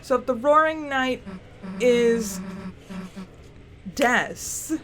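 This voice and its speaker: Exasperated woman gamer, slow delivery. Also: fairly high pitch, expressive, background noise. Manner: exasperated, self-scolding outbursts and rambling theorizing. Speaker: gaming YouTuber playing through a game. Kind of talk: let's play commentary.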